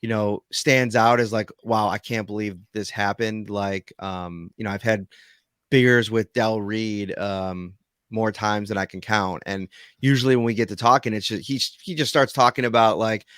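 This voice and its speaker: A man's voice: fairly low pitch, fairly even intonation, normal speed, a bit bright, clean tone, dry recording, clean studio sound. A man co-hosting a podcast, asking long, winding questions in casual chat. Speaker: podcast co-host.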